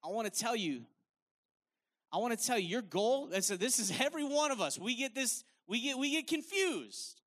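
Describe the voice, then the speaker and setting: An evangelist preacher delivers a sermon in a strikingly high, forceful voice, speaking loosely and conversationally. He hammers his points by repeating phrases, stays expressive at a normal speed, and never lets his energy drop.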